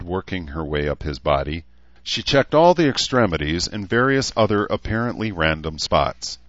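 A man reading an audiobook as narrator with steady, even storytelling. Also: rumbling low, no room sound. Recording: dull lo-fi dry recording.

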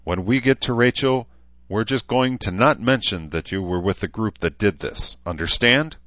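A man's voice: on the low side, moderate pace, a bit bright, no echo, dull audio, voice pushed up, close to an everyday voice. A man voicing a hardened young woman who speaks curtly and bitterly, in a commanding tone, for an audiobook.

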